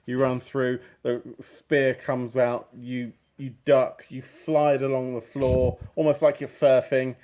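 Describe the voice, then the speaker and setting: A man's voice: mid-range voice, flat delivery, takes it slowly, hardly any pauses, darkish tone. A man running a live-streamed tabletop game as game master, setting scenes vividly and laughing along with the players.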